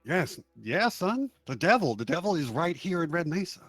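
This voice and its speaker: A man voicing an earnest, fiery small-town preacher who speaks in a booming sermon cadence. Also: very animated, moderate pace, a bit bright, no echo, soft background music. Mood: fervent.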